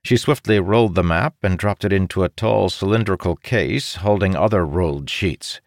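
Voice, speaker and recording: Deep-voiced man narrating an audiobook. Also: moderate pace, no echo, clean studio sound.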